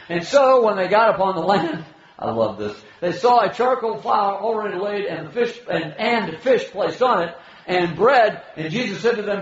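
A man preaching from scripture in a fairly high voice, acting out each line of dialogue with lively swings up and down. The sound is heavily echoey and a little muffled, as in a church hall recording. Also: recorded from a distance. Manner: animated, acts out the biblical dialogue with shifting pitch. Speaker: pastor. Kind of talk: expository sermon.

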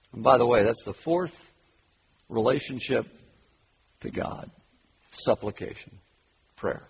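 A middle-aged male pastor preaching a sermon emphatically, swinging between loud stress and hushed asides. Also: a little high, vocal fry, long reverb tail, lo-fi sound, a little hiss or hum. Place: church sanctuary.

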